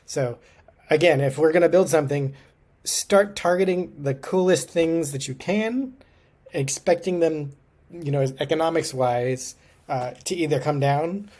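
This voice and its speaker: A man's voice: on the high side, a little mellow. A man giving a casual, upbeat tech commentary, talking conversationally with plenty of fillers.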